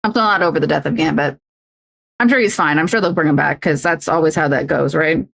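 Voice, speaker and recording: A woman's voice: sits low, brisk, gravelly, fairly bright tone. A woman livestreaming, chatting casually while crafting, rambling and self-deprecating with frequent restarts.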